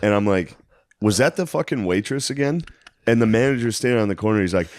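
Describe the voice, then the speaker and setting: Low-voiced man telling a crude comedy story. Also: expressive, fast, a little mellow, no echo, clean studio sound. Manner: profane, laughing, acts out people in his stories. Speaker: podcast co-host and stand-up comedian. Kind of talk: casual storytelling chat.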